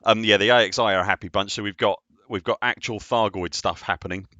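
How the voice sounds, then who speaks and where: A chatty man hosts his game stream, excitable and quick to laugh at himself. His voice sits low but comes across forceful and bright. The sound is dry and a little muffled, like a modest home setup. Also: no echo. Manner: chatty and excitable, laughs often, self-deprecating. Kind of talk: casual live-stream chat.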